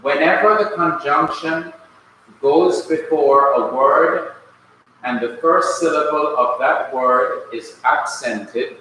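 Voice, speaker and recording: Slow bright-sounding guy teaching a class, very echoey room, bit of hum. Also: a little high. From Jamaica. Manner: slow, deliberate explaining. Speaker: Hebrew teacher. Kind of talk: classroom lecture.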